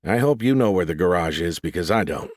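A man's voice: deep voice, lively intonation, brisk, dry recording. A man voicing a wry young man who speaks in a dry, offhand way.

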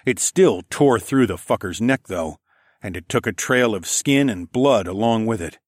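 A man's voice: on the low side, lively intonation, normal speed, dry recording, clean studio sound. A man narrating a first-person story in a gritty, profane storytelling manner. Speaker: audiobook narrator.

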